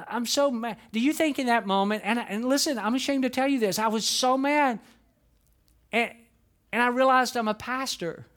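A middle-aged male pastor preaching a sermon, telling a story with animated outbursts and dropping to hushed, earnest tones. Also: extremely high pitch, moderate pace.

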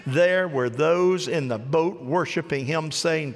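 A man preaching a sermon in a church, swinging between loud rising cries and low hushed phrases. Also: expressive, a little slow, gravelly, hardly any pauses. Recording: long hall reverb.

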